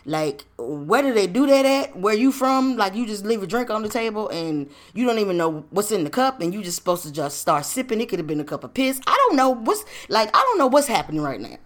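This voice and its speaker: A woman's voice: medium pitch, sing-song, a little fast, few pauses. A woman hosting a podcast, telling a personal story in casual, slangy, profane talk full of rhetorical questions. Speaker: podcast host.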